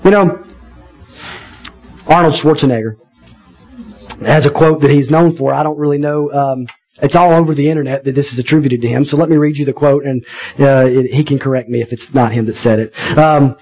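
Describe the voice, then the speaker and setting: A man preaching a sermon in a conversational, animated way, with wry asides to the congregation. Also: medium pitch, a little fast, soft background music, rough recording. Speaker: pastor.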